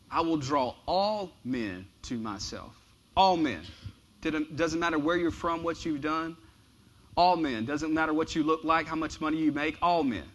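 A man delivers a morning sermon with a fairly high voice. He preaches casually and mixes in slang. He leans on repeated phrases for emphasis. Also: fairly bright tone. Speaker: pastor.

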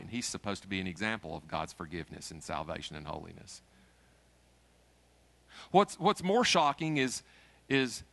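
A middle-aged man delivers a sermon to his congregation. His voice is bright and forceful, and he mixes folksy jokes into the preaching before climbing to emphatic peaks. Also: medium pitch. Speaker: pastor.

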